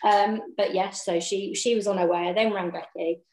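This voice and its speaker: A woman's voice: medium pitch, normal speed. A woman telling her birth story in casual chat, laughing often and acting out what people said. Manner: lively, laughs often, acts out dialogue. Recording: roomy echo.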